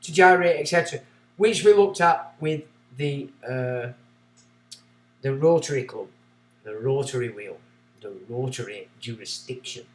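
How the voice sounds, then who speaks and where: A man hosting a livestream, reading a book aloud and breaking off into rambling, excitable asides. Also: medium pitch, a little slow, long pauses, reverberant, a little hiss or hum. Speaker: livestream host.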